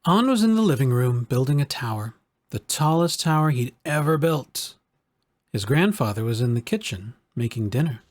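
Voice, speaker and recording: A man reading a children's storybook aloud in a calm, measured way. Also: medium pitch, no room sound. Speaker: narrator.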